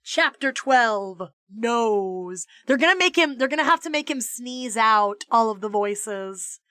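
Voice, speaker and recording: Bright, slow-paced woman reading aloud. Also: no echo. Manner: animated, jumps into high character voices. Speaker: streamer reading a children's book. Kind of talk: expressive read-aloud storytelling.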